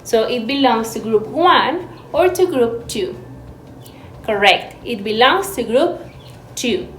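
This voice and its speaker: A woman teaching an English lesson to learners, explaining slowly and clearly, breaking words into syllables. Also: fairly high pitch, expressive. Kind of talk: recorded online class. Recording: echoey room with faint background noise.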